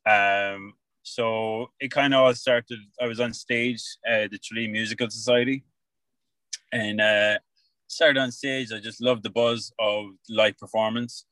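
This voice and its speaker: A man's voice: fairly low pitch, fairly even intonation, a little slow, pushed and bright, no room sound, poor audio. An Irish man chatting as a podcast guest, self-mocking and chatty, often restarting his sentences. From Ireland. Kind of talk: casual chat.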